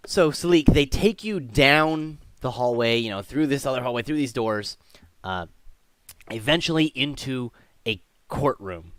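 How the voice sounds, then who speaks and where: A man narrating as game master of a tabletop game, rambling through scene descriptions with plenty of fillers. His voice sits at an ordinary middle pitch. The recording is dry, with no room echo. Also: lively intonation, a little slow, fairly bright tone.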